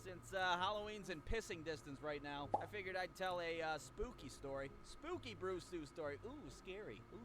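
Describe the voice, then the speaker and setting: A man in his twenties telling a comedic story in a crude, sarcastic, deadpan way. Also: high-pitched, fairly quick, few pauses, background noise. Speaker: animated storyteller. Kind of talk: comedic scripted narration.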